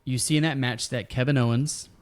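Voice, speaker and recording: A man's voice: medium pitch, fairly even intonation, a little fast. A man hosting a podcast, chatting casually about wrestling and telling a long story with fillers. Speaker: podcast host.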